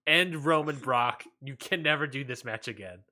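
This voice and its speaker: A bright, forceful-toned man co-hosting a relaxed wrestling podcast. He rambles in a laid-back way and lets his sentences trail off into near-mumbles. His pitch sits mid-range for a man. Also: moderate pace. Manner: laid-back, trails off, drops quiet at line ends. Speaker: podcast co-host. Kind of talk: casual wrestling podcast chat.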